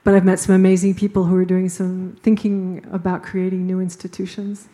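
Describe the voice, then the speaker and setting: A woman's voice: fairly low pitch, monotone, fairly quick, dark tone. Chatty laughing woman at a panel. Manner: chatty, laughs often between phrases. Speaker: panel participant. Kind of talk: casual spontaneous remarks.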